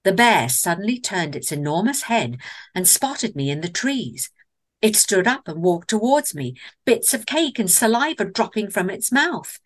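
A woman's voice: medium pitch, sing-song, a little slow. A woman with an English accent telling a comic story in a theatrical way, with wry asides. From England.

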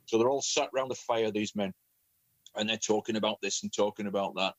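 A man who is a professional storyteller, telling a family story in an animated way, often repeating words. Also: fairly low pitch, fairly quick, no room sound. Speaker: professional storyteller and children's author. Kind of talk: conversational storytelling.

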